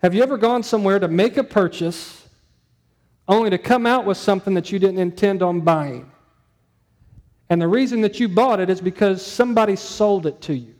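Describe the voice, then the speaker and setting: A man's voice: sits high, a little mellow. A man preaching a sermon to his church, talking conversationally and asking the room questions. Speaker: pastor.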